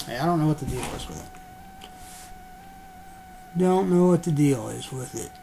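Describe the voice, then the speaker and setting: A man with a highish, gravelly, mellow voice swoops wildly in pitch at a moderate pace while unboxing collectibles. As an unboxing vlogger, he rambles casually with lots of ums and mild profanity, and his computer webcam adds a little hiss or hum.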